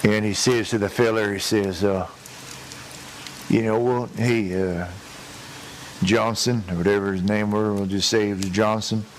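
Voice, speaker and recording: A man's voice: on the low side, fairly even intonation, a little slow, long pauses, a little hiss or hum, close to an everyday voice, rough recording. A man voicing a rambling, crude redneck character who tells a long joke full of hesitations and restarts. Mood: drawling. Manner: crude, chuckles at his own story. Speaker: prank caller telling a joke. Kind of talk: rambling prank-call joke telling.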